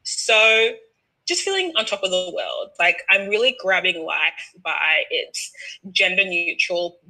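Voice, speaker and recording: An Australian woman in her twenties or thirties tells a story in a relaxed podcast chat. Her voice is bright and clear, and she acts out other people's lines with plenty of laughter. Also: on the low side, unhurried, rough recording.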